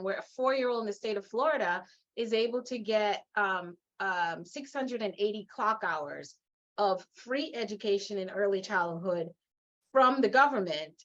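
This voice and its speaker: A middle-aged woman from Guyana with a Guyanese accent, telling her story as an interview guest in an emphatic, animated way, laughing often. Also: fairly high pitch, muffled recording. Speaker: guest, leadership coach.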